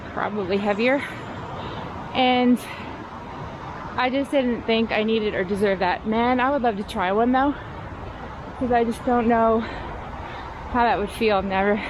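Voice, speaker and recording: Higher-pitched lady rambling about her bike on a ride, laughy and self-deprecating, lots of outdoor noise behind her. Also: measured pace, long pauses. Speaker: vlogger reviewing her bike. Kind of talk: casual chat while riding. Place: outdoors on trails and roads. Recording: noisy outdoor recording.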